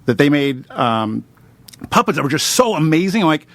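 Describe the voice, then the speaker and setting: A man's voice: fairly high pitch, big pitch swings, normal speed, dry recording. Chatty man, a rambling radio guest. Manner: rambling, filler-heavy, upbeat. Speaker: improv performer and puppet maker guest. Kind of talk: casual radio interview.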